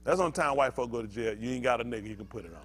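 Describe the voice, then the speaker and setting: A man's voice: medium pitch, animated, rapid-fire, fairly bright tone. An older male pastor giving a fiery sermon, heated and emphatic, firing rhetorical questions at the congregation.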